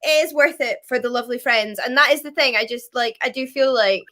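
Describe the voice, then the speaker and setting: A woman talking casually as a guest, animated and laughing between her phrases. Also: a little high, fairly quick. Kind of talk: casual chat.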